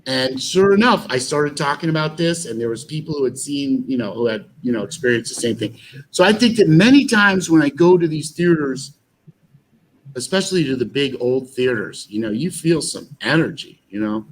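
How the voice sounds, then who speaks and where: An American actor and musician, appearing as an interview guest, tells animated stories in a slightly high, sing-song voice at normal speed. He rambles, using fillers and restarting sentences, and the recording is rough.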